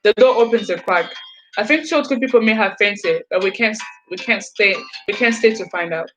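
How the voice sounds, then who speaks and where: A woman's voice: medium pitch, low-quality recording. A woman reading a children's novel aloud, enthusiastic, often stumbling and restarting lines. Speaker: reader. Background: background music.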